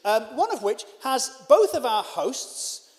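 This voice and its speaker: A male comedian telling a story in a stand-up set, animated and self-deprecating. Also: very high-pitched, takes it slowly, in a large hall. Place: live venue.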